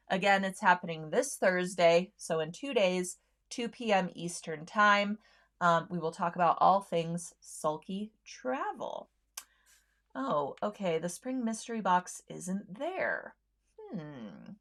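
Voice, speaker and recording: Woman host chatting w viewers on a sewing stream, slow easy pace, mid pitch, lots of ums n little laughs. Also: a bit bright. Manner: chatty, friendly, many ums, laughs easily. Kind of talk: casual livestream chat with viewers.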